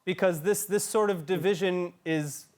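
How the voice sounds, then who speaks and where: A man's voice: high voice, normal speed, a little mellow. A man anchoring a news debate, trying politely but persistently to interject and steer the discussion. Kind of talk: news moderation.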